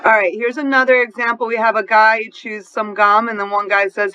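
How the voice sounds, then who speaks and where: A woman's voice: a little high, flat delivery, brisk, bright, forceful tone, clear, resonant tone, dull audio. A woman with a New Orleans accent teaching an adult English class, explaining grammar patiently and often checking in with "right?". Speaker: ESL teacher.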